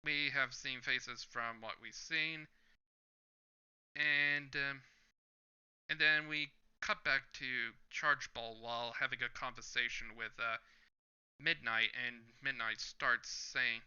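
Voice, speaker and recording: Brief: a man hosting a casual manga read-along, unhurried, crisp and clear voice, slightly muffled lo-fi sound. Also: medium pitch, fairly even intonation, pushed and bright. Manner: describes panels one by one and reads lines aloud. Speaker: manga reaction video host. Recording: slightly dull lo-fi recording.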